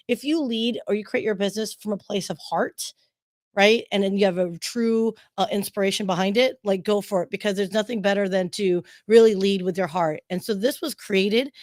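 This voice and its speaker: A woman's voice: medium pitch, no echo. A woman co-hosting and producing a show, chatting casually on a video call, bubbly and rambling with enthusiasm. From Southern Oklahoma. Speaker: co-host and producer. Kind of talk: casual chat.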